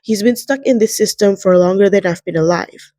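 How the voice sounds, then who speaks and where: A young book vlogger with a mid-range, mellow voice rambles about a novel in a casual reading vlog, talking a little fast. She gets emotional and cries at times, and the recording is dry.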